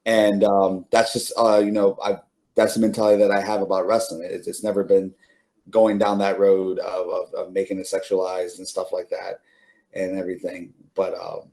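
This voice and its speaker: A man's voice: deep voice, monotone, moderate pace, creaky, a little mellow. A middle-aged man, an interview guest, telling stories casually with many fillers and restarts, laughing now and then. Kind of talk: casual storytelling.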